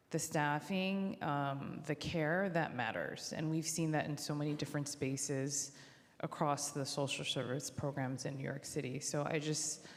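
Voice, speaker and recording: A woman council member chairing a public hearing, speaking earnestly in a halting way with many fillers and restarts, recorded in a city council chamber on a desk microphone. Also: sits low. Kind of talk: chairing a hearing, thanking witnesses. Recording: long reverb of a large chamber.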